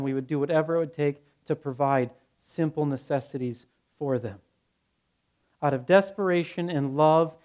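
A male pastor preaching a sermon, blunt and earnest, telling stories in a conversational way. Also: on the high side. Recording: dull lo-fi sound.

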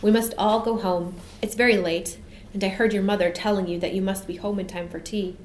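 A woman's voice: mid-range voice, fairly even intonation, brisk, roomy sound, slight background noise, close to an everyday voice. A woman voicing a delighted, wide-eyed young woman from the sky, breathless and eager as she speaks. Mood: cheerful.

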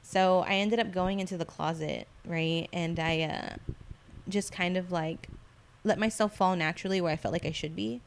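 A woman in casual chat, telling stories in a slangy, animated way and acting out the voices of the people she quotes. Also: lowish voice, moderate pace, slight background noise.

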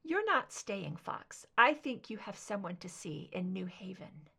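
A woman reading a story plays an older mother with a soft, weary, wistful way of speaking. Her lines rise and fall with lively intonation, turning gently teasing, in a storybook reading. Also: mid-range voice, a little slow, vocal fry, slightly rough, exaggerated voice. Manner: soft, wistful, tired yet warm.

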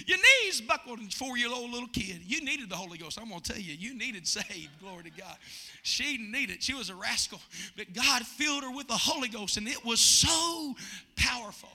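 Brief: male pastor with a very high, piercing bright voice, preaching and moving between booming shouts and soft storytelling. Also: animated, moderate pace. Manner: preaches with swings from loud shouting to hushed storytelling. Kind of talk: sermon.

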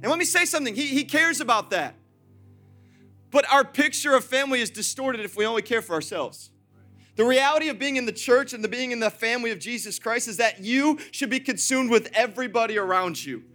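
A man pastor preaching an energetic, repetitive sermon in a church, laughing often. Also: extremely high pitch, a little fast, soft background music. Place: church auditorium.

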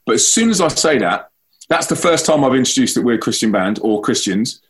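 A young man from a Christian band, telling a long story to a school audience and acting out the voices in it. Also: fairly quick. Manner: animated, acts out quoted voices with big pitch leaps. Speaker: Christian band member giving a school talk. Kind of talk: storytelling speech.

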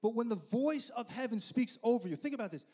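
A man's voice: very high-pitched, lively intonation, fairly quick, darkish tone, husky. A man preaching a sermon to his church, impassioned and repeating phrases for emphasis. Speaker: pastor. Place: church sanctuary. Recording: long hall reverb.

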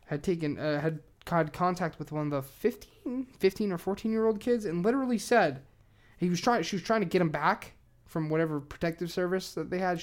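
A woman's voice: on the low side, a little mellow. A young woman co-hosting a casual true-crime podcast, swearing freely, rambling and laughing often. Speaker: podcast co-host.

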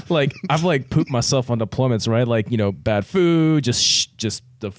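A laid-back man tells a story in a relaxed, chatty way, cursing freely and laughing as he goes. His voice sits at an ordinary pitch, and the sound is dry and close. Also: moderate pace, no echo. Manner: laid-back, profane, laughs often through his words. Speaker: military veteran guest telling a story. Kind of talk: casual storytelling on a podcast.

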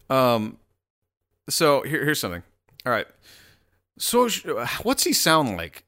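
A man's voice: mid-range voice, huge pitch swings, moderate pace, pauses often, pushed and bright. A man giving casual, profane commentary while scrolling through posts, rambling and mocking.

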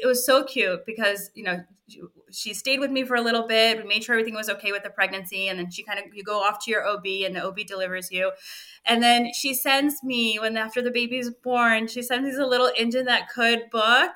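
A middle-aged woman, a fertility physician assistant, telling an emotional story on a podcast in lively reported speech. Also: on the high side, brisk. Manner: animated, frequent "I was like" reported speech.

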